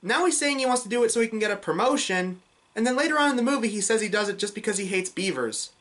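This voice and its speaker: Fast-talking sarcastic woman reviewer. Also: a little high, expressive, a bit bright. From New York, USA. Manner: snarky, mocking, growing exasperated. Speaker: film reviewer. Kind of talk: sarcastic movie review commentary.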